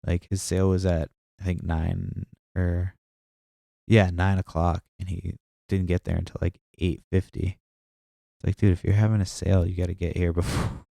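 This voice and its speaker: A man's voice: deep voice, little pitch movement, normal speed, gravelly, mellow, dry recording. A young man with a stuffy nose, hosting a podcast as a rambling, profane casual monologue full of fillers. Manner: profane, meandering storytelling with many fillers. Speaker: podcast host.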